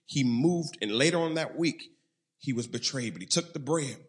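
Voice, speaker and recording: A male pastor preaching a sermon, breaking into loud shouted bursts, throwing in folksy humor and leading the congregation in call-and-response. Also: medium pitch, expressive, moderate pace.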